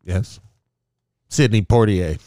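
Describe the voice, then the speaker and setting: A man's voice: on the low side, slow pace, dark tone, no room sound, studio quality. A man in casual chat, laid-back and profane, laughing often.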